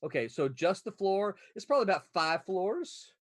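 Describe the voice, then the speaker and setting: Man, lively swooping pitch, dry close sound, rambling storyteller, casual chat. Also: moderate pace, dry recording. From Florida, USA. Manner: rambling, animated storyteller with many restarts. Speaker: podcast co-host.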